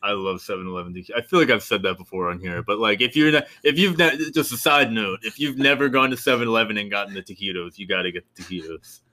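A man co-hosting a podcast in casual chat, excitable and gushing, laughing often. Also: lowish voice, quick pace, hardly any pauses. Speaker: podcast co-host.

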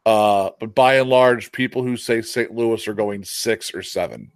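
Low-voiced man on a dry mic. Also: measured pace, dry recording. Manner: earnest, analytical, some stammering. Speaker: podcast co-host. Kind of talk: casual sports podcast chat.

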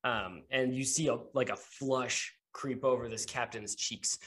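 A man narrating as game master of a tabletop game, his pitch sitting in the middle of the range. He stops and starts often, filling gaps with ums and uhs. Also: a bit bright, husky. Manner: halting, many ums and uhs.

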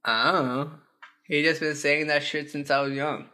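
A man's voice: a little high, steady tone, moderate pace, bright, forceful tone. A man playing a cheeky, smart-mouthed schoolboy in a comedy sketch. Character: cheeky troublemaking schoolboy son.

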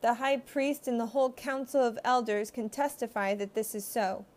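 Woman, higher-pitched, steady scripture reader. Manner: measured, earnest storytelling. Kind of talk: scripted Bible reading.

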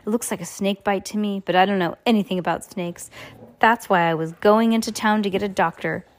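A sly man posing as someone else, his words smooth and falsely polite, as a woman reads him aloud. An audiobook villain with a steady pitch who keeps his menace tucked under courtesy. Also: a little fast, natural voice. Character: scheming adult male villain in disguise, smooth and sly. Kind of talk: audiobook character reading.

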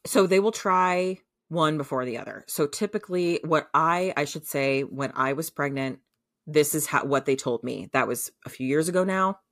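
Very low-voiced chatty woman podcaster. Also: moderate pace, fairly bright tone. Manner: chatty, many fillers, laughs often. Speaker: podcast co-host. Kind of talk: casual storytelling recap.

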